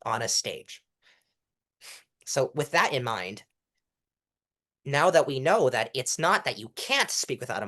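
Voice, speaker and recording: A young man, a guest in a casual interview, talking animatedly and acting out delivery styles as he coaches. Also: medium pitch. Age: young adult. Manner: animated, demonstrates delivery styles mid-sentence. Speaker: guest, mock trial competitor.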